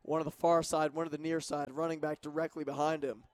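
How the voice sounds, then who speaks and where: Young man, play-by-play radio commentator, brisk, fairly high voice, smooth, dry close sound. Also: little pitch movement, dry recording. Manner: brisk play-by-play, calling formations and yardage. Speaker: play-by-play announcer.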